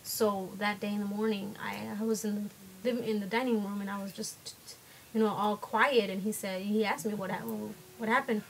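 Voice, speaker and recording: A woman's voice: medium pitch, fairly even intonation, moderate pace, a little hiss or hum, low-quality recording. A young woman telling a personal story to camera, hesitant, with many fillers and restarts. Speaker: vlogger.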